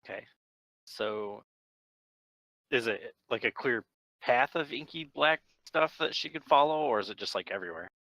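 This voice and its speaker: Man, tabletop player, hesitant casual chat, bright dry voice. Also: mid-range voice, animated, moderate pace, long pauses, dry recording. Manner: rambling, hesitant.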